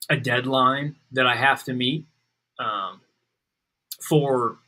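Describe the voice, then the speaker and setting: Bright-toned man, hesitant. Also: medium pitch, steady tone, slow pace, low-quality recording. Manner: hesitant, many ums. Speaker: guest. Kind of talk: casual conversation.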